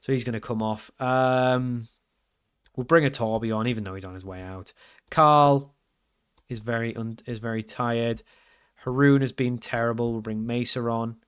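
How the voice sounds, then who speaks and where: Excitable man commentating on a game. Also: mid-range voice, moderate pace, clean tone. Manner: excitable, swings from frustrated grumbling to loud outbursts. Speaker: gaming commentator.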